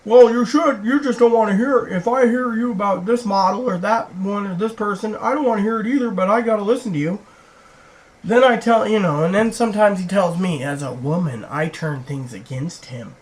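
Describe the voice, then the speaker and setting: A woman's voice: mid-range voice, brisk, low-quality recording. A woman vlogger rambling through personal stories, acting out what other people said. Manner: rambling, acts out quoted people. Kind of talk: rambling personal storytelling to camera.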